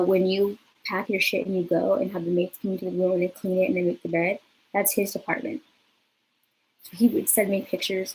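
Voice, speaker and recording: A woman in her twenties with a mid-range voice tells a personal story in a casual vlog, recorded in low quality with a little hiss or hum. Her lively retelling is chatty and peppered with "like".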